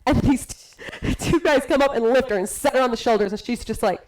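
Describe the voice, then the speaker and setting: A woman's voice: a little high, fairly quick, rough recording. A woman telling stories in casual podcast chat, acting out what people said. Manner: animated storyteller, acts out quotes.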